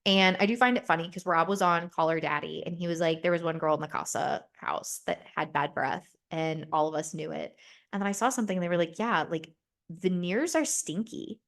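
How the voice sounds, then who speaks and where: Young woman, podcast host, gossipy casual chat, animated quoting. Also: lowish voice, a little fast, gravelly. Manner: gossipy, animated, acts out quotes in exaggerated voices. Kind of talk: casual chat recapping a reality show.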